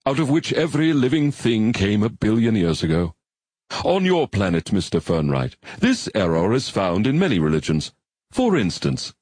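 A man's voice: lowish voice, darkish tone, slightly rough, no echo, voice pushed up. A man voicing a formal, pedantic male robot that speaks in a stilted, precise way.

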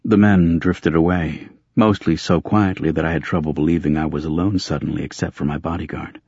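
A very deep, husky male voice narrating a first-person audiobook in a dry, gritty way. The sound is close and dead, with no room around it. The recording is a little dull and muffled. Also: fairly even intonation, brisk, a little mellow, dry recording.

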